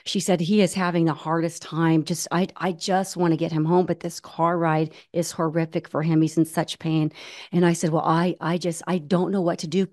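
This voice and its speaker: A woman guest telling stories in an earnest, animated way, acting out the voices she quotes. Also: lowish voice, fairly quick. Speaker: guest, ultramarathon runner. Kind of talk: conversational storytelling.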